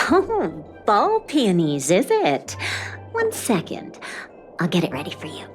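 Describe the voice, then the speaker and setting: An actress voicing a bubbly, giggly flower-shop clerk in a video game. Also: female voice, on the low side, huge pitch swings, slow pace, soft background music, heavily acted. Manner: bubbly, sing-song and giggly. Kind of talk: game voice acting.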